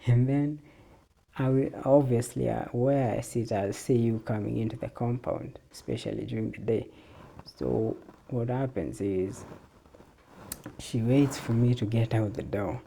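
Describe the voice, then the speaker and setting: A man's voice: mid-range voice, steady tone, a little slow, vocal fry, mellow, a little hiss or hum. A man hosting a casual solo podcast, laid-back, laughing often and swearing freely. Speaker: podcast host.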